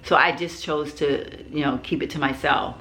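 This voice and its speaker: A woman's voice: sits low, fairly even intonation, moderate pace, pushed and bright. A middle-aged woman vlogger telling a personal story in a rambling way, with many fillers and restarts.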